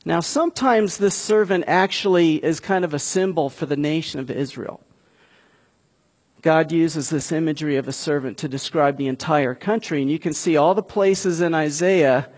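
A man's voice: fairly high pitch, slightly rough. A man preaching a sermon in a conversational way, building to emphatic peaks. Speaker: pastor.

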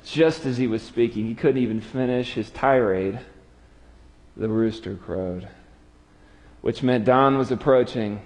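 A man preaching a sermon, retelling a story with dramatic swings from lively to hushed. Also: mid-range voice. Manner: storytelling, dramatic drops to quiet. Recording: long hall reverb.

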